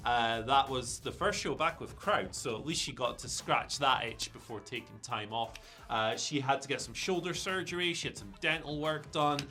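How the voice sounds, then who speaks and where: A man co-hosting a casual news discussion, chatting in a relaxed, speculative way with plenty of fillers. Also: medium pitch, normal speed, hardly any pauses, faint music behind. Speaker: co-host of a news show.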